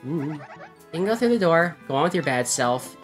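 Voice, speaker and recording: A man's voice: a little high, big pitch swings, normal speed, faint music behind, voice pushed up. A man doing a sassy, bouncy doorkeeper.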